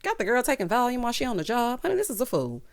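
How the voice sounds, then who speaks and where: A woman giving a sassy, expressive TV recap, calling her viewers honey and child. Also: on the high side, very fast. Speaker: TV recap reviewer. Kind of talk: casual recap commentary.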